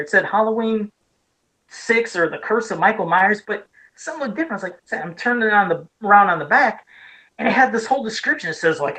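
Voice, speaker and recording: A woman's voice: mid-range voice, fairly bright tone, rough recording. A woman from Ohio co-hosting a casual podcast, eagerly retelling scenes with many restarts and asides. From Ohio, USA. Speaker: podcast co-host. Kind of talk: casual podcast chat about horror films.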